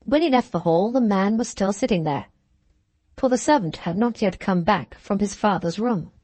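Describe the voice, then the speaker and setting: An audiobook narrator, a woman, reads a classic novel in scripted narration, measured and even. Her middle-pitched voice sounds close and dry, with no room around it and no echo.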